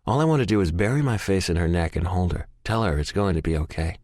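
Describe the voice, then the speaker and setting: Deep-voiced man narrating intensely. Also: lively intonation, fast talker, darkish tone, no room sound, studio quality. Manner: intense, emotional, frequent swearing. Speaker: audiobook narrator. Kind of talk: first-person audiobook narration.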